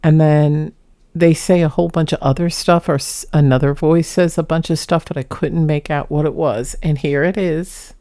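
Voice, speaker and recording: A woman's voice: low voice, normal speed. A woman casually talking through ghost audio clips in her vlog, hesitant and repeating herself as she introduces each one. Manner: hesitant, repeats herself, quotes voices flatly. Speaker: paranormal vlogger.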